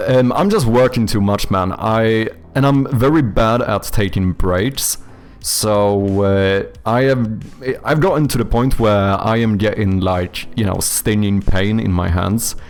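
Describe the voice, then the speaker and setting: A young game developer with a Swedish accent, from Sweden, reads out viewer comments during a relaxed livestream chat, meandering and swearing freely. He speaks on the low side and a little slowly.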